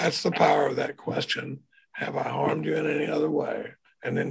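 A man with a gravelly, husky voice that sits fairly high for a man. He tells stories casually and acts out the people he quotes. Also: brisk. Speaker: recovery speaker. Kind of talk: conversational storytelling.

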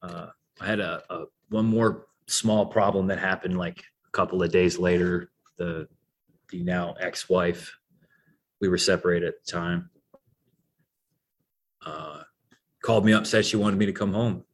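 A middle-aged man reflectively sharing his recovery story, halting and repeating himself as he goes. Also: deep voice. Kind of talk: candid storytelling.

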